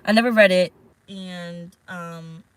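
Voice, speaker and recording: A woman's voice: lowish voice, fairly even intonation, slow, smooth, poor audio. A woman tarot reader talking casually in a vlog, rambling and frank, swearing now and then. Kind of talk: casual spiritual vlog talk. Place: parked car.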